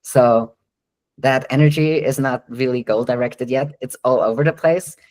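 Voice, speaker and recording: A dog trainer answering questions in a live online Q&A. The man speaks at an ordinary medium pitch in a casual, explanatory way, with frequent ums and light laughs between thoughts. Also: moderate pace, a little mellow, poor audio.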